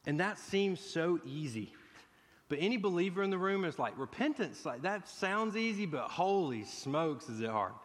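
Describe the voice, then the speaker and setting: A man preaching a sermon, his voice sitting a little higher than most men's. He talks earnestly and warms into excitement. A long hall reverb trails each phrase. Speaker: guest pastor.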